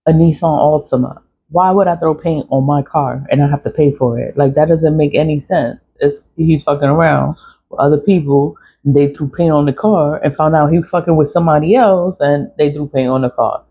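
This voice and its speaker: A woman's voice: low voice, fairly even intonation, brisk, slight background noise. A middle-aged woman, telling a personal story in a blunt, swearing, venting way with laughs. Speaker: vlogger. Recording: dull lo-fi audio.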